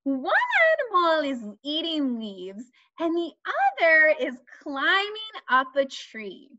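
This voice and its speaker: A woman teaching young children, asking questions in a slow, sing-song way and stressing key words. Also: high-pitched, big pitch swings, bright, forceful tone. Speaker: children's speech and language teacher. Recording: dull lo-fi dry recording.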